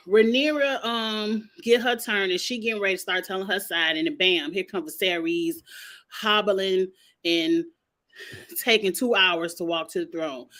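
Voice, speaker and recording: Sassy woman recapping a TV episode. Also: medium pitch. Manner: sassy, animated retelling with playful cursing. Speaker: show recap host.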